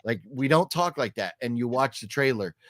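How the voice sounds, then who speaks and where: A man's voice: medium pitch, expressive, normal speed, a bit bright, no echo, studio quality. A middle-aged man hosting a casual vlog, talking through his opinions in a rambling way, with lots of ums and restarts. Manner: acts out quoted lines while telling a story. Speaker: vlog host reviewing a horror movie trailer.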